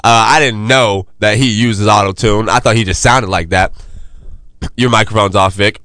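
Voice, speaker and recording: A man's voice: fairly low pitch, steady tone, normal speed, pushed and bright, smooth, no echo, studio quality. A man hosting a casual podcast, talking loosely with lots of slang and fillers. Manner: laid-back, loose slangy delivery with many fillers. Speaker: podcast host.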